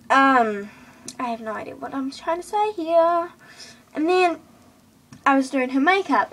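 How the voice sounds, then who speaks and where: A woman's voice: high voice, a bit bright. A teenage girl telling a storytime rant to camera in an indignant, chatty way, full of fillers. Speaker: vlogger.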